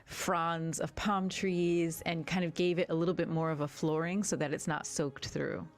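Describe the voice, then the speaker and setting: A woman game master narrating a tabletop game in a relaxed way, guiding the players with prompts. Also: deep voice, moderate pace.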